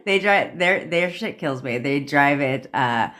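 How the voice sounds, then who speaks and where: A woman's voice: deep voice, animated, measured pace, fairly bright tone. A woman coaching viewers on a livestream, talking casually and bluntly with plenty of swearing, and answering commenters by name. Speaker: manifestation coach hosting a livestream.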